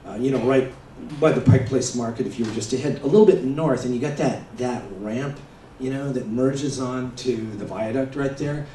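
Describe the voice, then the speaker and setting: Rambling stand-up comic in a roomy hall. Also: male voice, mid-range voice, moderate pace, slight background noise. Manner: rambling, conversational storytelling with shouted impressions. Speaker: stand-up comedian. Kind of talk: stand-up comedy set. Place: comedy stage before a laughing audience. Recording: roomy live venue, mic heard from a distance.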